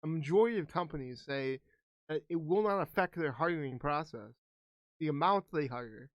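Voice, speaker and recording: A man's voice: on the high side, normal speed, no room sound, lo-fi sound. A man co-hosting a podcast, talking casually and explaining his points at length, with restarts and swearing. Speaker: podcast co-host. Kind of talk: casual chat.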